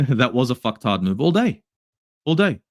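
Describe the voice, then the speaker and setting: An Australian man ranting angrily as a fan channel host, swearing often and swinging between shouts and low mutters while he reviews a match and answers live chat. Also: very animated, normal speed, no echo, studio quality.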